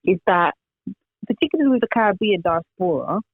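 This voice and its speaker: A man's voice: high-pitched, lively intonation, a little fast, no room sound. A man chatting casually on a podcast, rambling with lots of fillers over a remote call. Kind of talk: casual chat. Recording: tinny remote call line.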